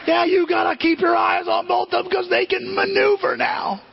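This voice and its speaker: A man's voice: extremely high pitch, moderate pace, vocal fry, shouting. An older man, a pastor, preaching a sermon and telling stories, acting out the voices of people he quotes. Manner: storytelling, animated, acts out quoted voices. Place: church sanctuary. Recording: dull long-reverb church hall.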